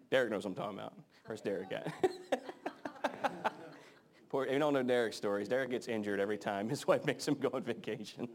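Joking man preaching to a congregation. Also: mid-range voice. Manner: joking, conversational, slows to read scripture. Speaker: pastor. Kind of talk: sermon. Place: church in front of a congregation.

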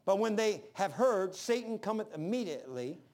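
A man preaching a sermon, folksy and storytelling, swinging between loud high bursts and low murmurs. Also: lively intonation, moderate pace. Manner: folksy, says "man" often.

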